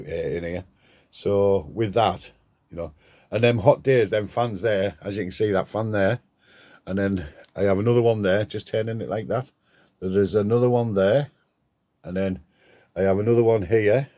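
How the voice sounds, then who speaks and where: A chatty older man with a lowish voice, talking straight to the camera from his shed. He rambles and restarts as he goes. The sound is dry and close, with little room echo. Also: dark tone. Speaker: DIY vlogger. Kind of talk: casual vlog. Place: garden shed workshop.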